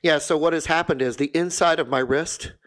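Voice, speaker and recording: A man's voice: a little high, brisk, fairly bright tone. A man co-hosting a casual podcast chat, rambling and self-deprecating, with many fillers and restarts. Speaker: podcast co-host.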